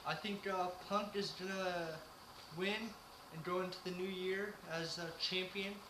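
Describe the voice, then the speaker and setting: A man's voice: high-pitched, fairly even intonation, a little slow. A man co-hosting a casual wrestling chat, giving his picks hesitantly with many fillers. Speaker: co-host. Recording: echoey room with noise.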